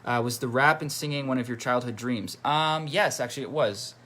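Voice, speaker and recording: This man's mid-range voice has a sharp tone and moves a little fast, with slight background noise, as he hosts a casual musician's livestream from his home computer. He chats, reads out viewer comments, and greets the viewers.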